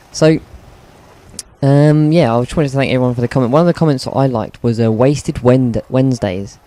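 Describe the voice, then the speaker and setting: A man's voice: medium pitch, warm tone, slight background noise. A man giving casual, rambling commentary over video game play, with lots of ums and self-corrections. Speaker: gaming commentator.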